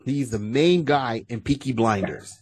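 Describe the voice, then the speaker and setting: A man's voice: medium pitch, animated, unhurried, a little mellow, husky. A man co-hosting a podcast, chatting casually and rambling with restarts and asides. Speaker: podcast co-host. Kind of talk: casual chat.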